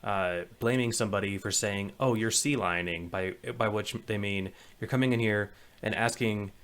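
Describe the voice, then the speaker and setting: A male podcast co-host with a fairly low voice talks things through in a relaxed, conversational way. He reflects aloud as he goes, with easy fillers. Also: normal speed. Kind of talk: casual podcast discussion.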